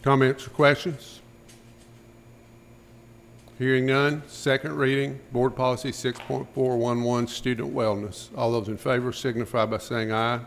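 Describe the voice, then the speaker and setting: A man chairing a school board meeting, running through motions and votes in a brisk, routine manner. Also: medium pitch, flat delivery, creaky, a little hiss or hum. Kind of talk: formal meeting procedure.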